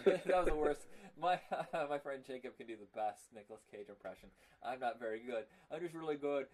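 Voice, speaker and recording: A man's voice: medium pitch, lively intonation, fairly quick, darkish tone. Chatty man on a movie podcast. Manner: chatty, laughs often, breaks into silly impressions. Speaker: podcast co-host. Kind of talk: casual movie podcast chat.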